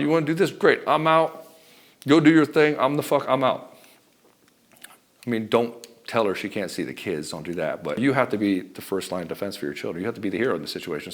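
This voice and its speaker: A man's voice: medium pitch, creaky. A middle-aged man giving blunt, profane relationship advice straight to camera as a coach. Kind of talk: direct-to-camera advice talk.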